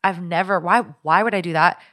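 A young woman hosting a podcast, telling a story in casual, animated chat. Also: fairly low pitch, brisk. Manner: chatty storyteller, animated retelling. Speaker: podcast host.

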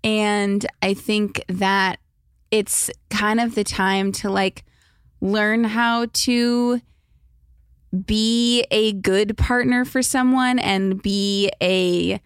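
A woman's voice: medium pitch, fairly even intonation, drawn-out words, clean tone, no room sound, studio quality. A young woman hosting a podcast, giving casual advice in a chatty way with lots of fillers. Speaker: podcast host.

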